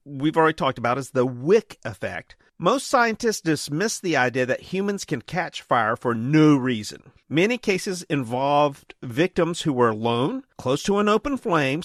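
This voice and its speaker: A man co-hosting a podcast, playful and quick to joke while reading explanations aloud. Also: on the high side, no echo, clean studio sound. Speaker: podcast co-host.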